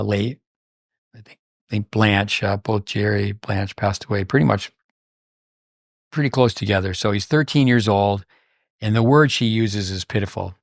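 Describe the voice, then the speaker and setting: A man's voice: fairly low pitch, no echo, clean studio sound. An older man hosting a podcast, telling long rambling anecdotes full of fillers and restarts in casual chat. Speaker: podcast host.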